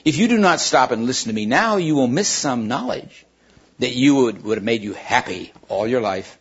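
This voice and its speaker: A man reading a storybook aloud, voicing a proud female witch who coaxes and tempts in a husky voice. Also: medium pitch, lively intonation, normal speed. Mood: coaxing. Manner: coaxing, wheedling persuasion. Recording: dull lo-fi recording.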